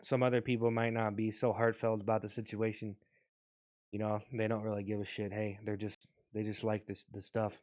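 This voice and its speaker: A man's voice: lowish voice, flat delivery, brisk, a little mellow, no room sound, clean studio sound. A young adult man vlogging in a rambling, profane casual rant, often restarting his sentences.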